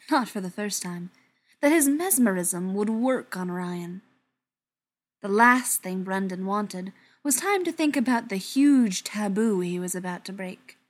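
A woman narrating a novel aloud in an expressive storytelling manner, sometimes dropping to near-whispers. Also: mid-range voice. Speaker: audiobook narrator. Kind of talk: scripted narration.

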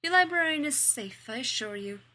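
A woman's voice: sits high, lively intonation, normal speed, pushed and bright, voice pushed up, heavily acted. A woman reading the lines of a smug, condescending male alien villain disguised as a human librarian, in a mannered way.

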